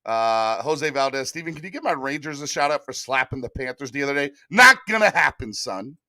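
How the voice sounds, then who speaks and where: A man hosts a sports live stream in a casual, hyped style, calling out straight to his viewers. His voice sits in a middle pitch range. The sound is dry and close, with no room echo. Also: brisk. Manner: hyped, animated, chats directly with viewers.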